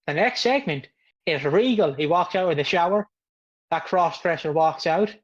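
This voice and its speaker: A man's voice: fairly high pitch, animated, moderate pace. A man in his twenties co-hosting a podcast, chatting casually, rambling and joking. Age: 20s. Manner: rambling, joking, acts out quotes. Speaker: podcast co-host. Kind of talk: casual chat. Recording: dull lo-fi mic.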